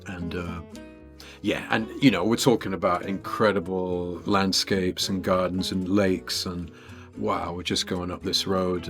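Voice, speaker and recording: An English man in his fifties, a guest guitarist telling stories in an interview in a chatty, animated way, full of "you know" and "like". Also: low-pitched, no echo. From England. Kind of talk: casual storytelling in an interview.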